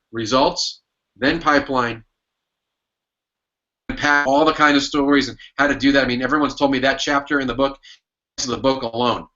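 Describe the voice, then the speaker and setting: Male podcast guest, bright, forceful voice, muffled lo-fi audio, emphatic storyteller. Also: a little high. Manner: emphatic storytelling, acts out his old manager's lines. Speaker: sales consultant and author, guest. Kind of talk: podcast interview answer.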